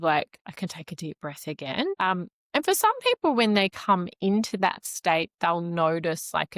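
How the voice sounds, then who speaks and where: A woman, a nervous system expert, explaining things calmly in a podcast interview. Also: on the low side, no echo, clean studio sound. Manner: calm, explanatory, animated with sing-song asides.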